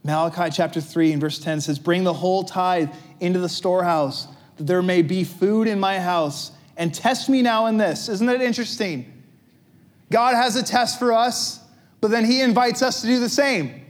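A man with a notably high voice preaches a sermon in an easy, conversational way. He asks his listeners rhetorical questions and slips in light jokes between scripture readings. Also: normal speed. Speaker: pastor.

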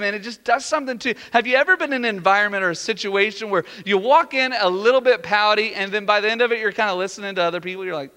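Bright, high-voiced preacher in a reverberant hall. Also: male voice, quick pace, hardly any pauses, smooth. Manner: animated, playful, acts out prayers and dialogue in a raised voice. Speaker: pastor. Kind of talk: sermon. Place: church sanctuary.

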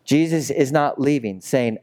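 Unhurried and slightly mellow, the pastor's mid-range voice carries a chatty sermon. He tells stories and keeps asking the congregation rhetorical questions.

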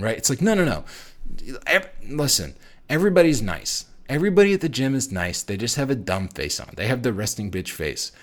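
Chatty man giving animated gym advice. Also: medium pitch. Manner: chatty and animated, with lots of fillers and restarts. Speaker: fitness channel host. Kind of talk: casual instructional vlog.

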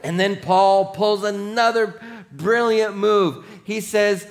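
A male pastor delivering a sermon, with a voice pitched higher than most men. He tells the story playfully and animatedly, slipping into quick mock voices for the people in it. He preaches to a gathered congregation in a church.

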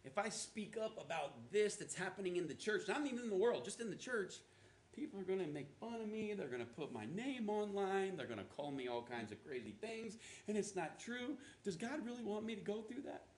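A man's voice: high voice, lively intonation, a little fast. Conversational preacher man, roomy church. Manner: conversational preaching, asides and acted quotes. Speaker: pastor. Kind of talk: sermon. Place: church auditorium.

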